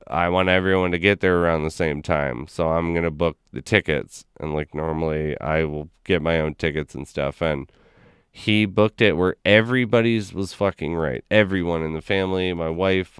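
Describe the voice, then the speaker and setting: A man with a very deep voice, smooth and clean, tells a long story in casual chat. He rambles, keeps saying "like," and slips in and out of the people he quotes. The sound is close and dry, with no room around it. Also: steady tone, normal speed, dry recording. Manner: rambling anecdote full of "like", acting out quoted people. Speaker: gaming stream host.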